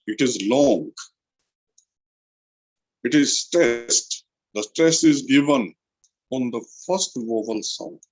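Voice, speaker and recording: Speaking in Indian English, this male lecturer from an Indian college slowly explains a literature lesson, repeating important terms to stress them. His voice is mid-pitched with a somewhat dark tone.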